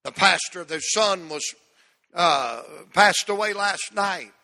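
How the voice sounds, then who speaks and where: A high-pitched man with a bright, ringing voice, preaching a sermon. He tells folksy stories and stretches out key words for emphasis. His voice carries a long reverb through a church hall. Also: takes it slowly. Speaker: pastor. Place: church sanctuary.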